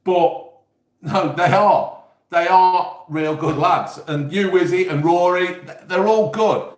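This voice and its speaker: Man, East Midlands English accent, high voice, casual live-stream chat, echoey room, rambling and sweary. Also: takes it slowly. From England. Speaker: YouTube host.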